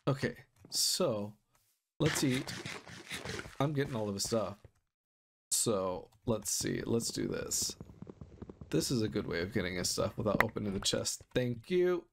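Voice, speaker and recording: A man's voice: on the low side, animated, takes it slowly, creaky, pauses often, background noise. A young man commentating a game as he plays, easily startled, gasping and exclaiming often. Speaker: gaming YouTuber. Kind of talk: Minecraft let's play commentary. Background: game music.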